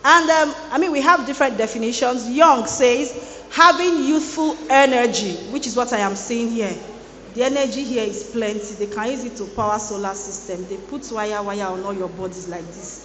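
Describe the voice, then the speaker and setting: A woman with a fairly high voice preaches to a room of students, playful and teasing as she talks. Her words bounce around an echoey large hall with a long reverb tail. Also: fairly even intonation, normal speed, fairly bright tone, slight background noise. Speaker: guest speaker at a student boot camp. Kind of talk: lively motivational sermon.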